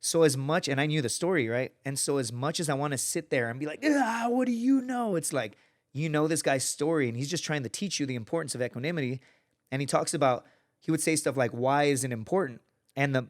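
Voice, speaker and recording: A man tells stories as a guest on a podcast, in a loose and lively way. He swears often and puts on voices when he quotes people. His pitch sits in a mid range. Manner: animated storyteller, acts out quotes, swears often. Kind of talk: casual storytelling.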